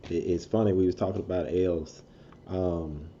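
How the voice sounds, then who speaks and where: A man's voice: low-pitched, fairly even intonation, moderate pace, dark tone, lo-fi sound, a little hiss or hum. A man, a podcast co-host, chatting casually in a loose, joking way. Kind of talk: casual chat.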